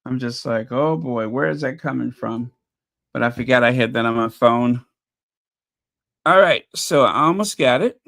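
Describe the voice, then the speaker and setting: A man with a medium-pitched, fairly bright voice and vocal fry speaks at normal speed. On his casual live commentary stream he chats with viewers, exasperated and thinking aloud.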